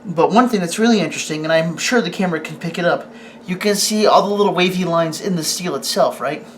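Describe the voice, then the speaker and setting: This medium-pitched speaker is reviewing a sword for the camera, talking casually, starting over often, and quizzing the camera operator. There's slight noise in the background, and the manner is meandering and stop-start.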